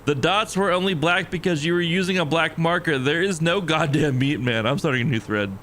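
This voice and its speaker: A man's voice: fairly high pitch, fairly quick, fairly bright tone, a little hiss or hum. Joking man streaming a game. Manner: joking, laughs often, reads in-game texts aloud. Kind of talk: gameplay livestream commentary.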